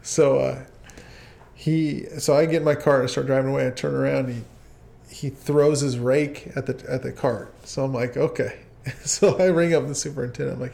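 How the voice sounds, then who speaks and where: Relaxed male co-host, gravelly and easygoing, chatty storyteller. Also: medium pitch, brisk. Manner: laid-back, laughs while telling stories. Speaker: podcast co-host. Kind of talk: casual storytelling chat.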